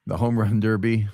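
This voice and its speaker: Jokey animated male sports co-host. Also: fairly high pitch, no room sound, clean studio sound. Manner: animated, jokey, repeats phrases for effect. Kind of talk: casual sports chat.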